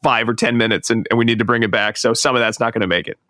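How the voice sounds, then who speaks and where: A man's voice: mid-range voice, steady tone, rapid-fire, sharp tone, dry recording, studio quality. A man co-hosting a podcast in casual chat, rambling and correcting himself as he goes. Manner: rambling, self-correcting, chatty. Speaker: podcast co-host.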